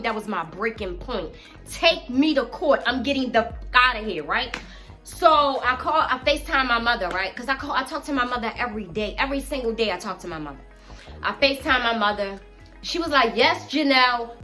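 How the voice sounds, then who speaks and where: A middle-aged woman telling a storytime vlog to her viewers. She speaks with a bright, forceful voice a little above the usual pitch, animated and profane. Faint music plays underneath. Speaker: vlogger.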